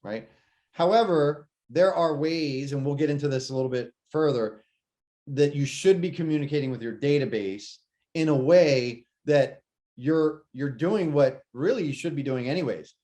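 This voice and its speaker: A man co-hosting a casual podcast, talking shop with lively energy and acting out imagined phone calls. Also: on the high side, moderate pace. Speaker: podcast co-host. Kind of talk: casual real estate podcast chat.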